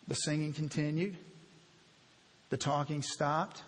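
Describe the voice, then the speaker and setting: A man preaching from the pulpit in a church sanctuary, sharing his heart in a candid, conversational sermon. His fairly high voice rings out with a long, lingering reverb. He speaks gently and then pushes up into emphatic, louder stretches. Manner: heartfelt, confessional, builds to emphatic bursts. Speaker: pastor.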